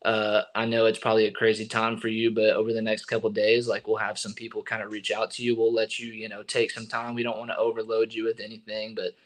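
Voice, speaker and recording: A young man, a baseball pitcher being interviewed, telling a story in a relaxed way full of fillers and restarts. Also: fast talker, few pauses. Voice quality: relaxed, filler-heavy with many likes and restarts. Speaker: guest, baseball relief pitcher.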